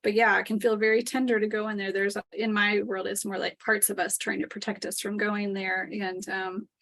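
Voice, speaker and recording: A woman's voice: medium pitch, flat delivery, fairly quick, a bit bright. A woman hosting a casual conversation, talking candidly and loosely, laughing often and swearing now and then. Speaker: podcast host.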